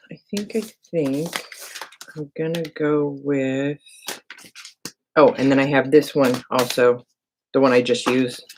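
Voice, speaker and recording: A woman who hosts a crafting channel runs a casual live demo, chatty and self-mocking, thinking aloud as she works and talking to viewers. Her voice is a rumbling low, and the low-quality recording has steady background noise with clicks.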